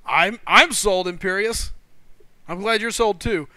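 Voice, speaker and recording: A man hosting a live gaming stream, talking fast with excitement and reading chat out loud. His voice is high and bright, crisp and clean, recorded dry and close. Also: no echo. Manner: excitable, laughs often, reads chat aloud.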